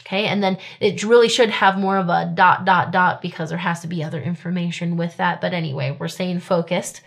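Explaining German grammar one step at a time, a woman with a lowish voice and fairly even intonation keeps her tone casual. She frequently checks in with "right?" and reads the German sample sentences at a slow pace.

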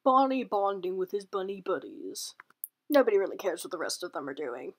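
A woman's voice: medium pitch, lively intonation, fairly quick. A woman jokingly commenting on her own drawings, with goofy asides and put-on voices. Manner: jokey, often dropping into silly put-on voices and sung snippets. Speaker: artist showing her drawings. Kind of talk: playful comedic commentary.

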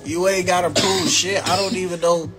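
A man's voice: sits high, fairly even intonation, normal speed, over music. A young man with a Chicago accent hosting a livestream, ranting in a heated, profane, confrontational way and repeating himself. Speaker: livestream host.

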